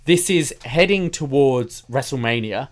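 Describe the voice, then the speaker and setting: A man co-hosting a casual wrestling podcast, measured as he recaps dates and venues. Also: medium pitch, animated. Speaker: podcast co-host.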